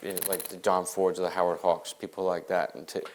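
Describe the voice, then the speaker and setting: Low-voiced male interviewer. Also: flat delivery, fairly quick, slight background noise, poor audio. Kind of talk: interview questions.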